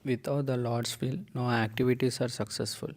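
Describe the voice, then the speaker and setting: A man taking his turn in a group reading, reading scripture aloud haltingly, repeating words as he goes. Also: medium pitch, level tone.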